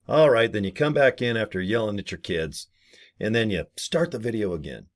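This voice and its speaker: A man's voice: lowish voice, expressive, fairly quick. A man giving rambling, jokey advice in a casual video, acting out little scenes as he goes. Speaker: network marketer. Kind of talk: casual talking-head video.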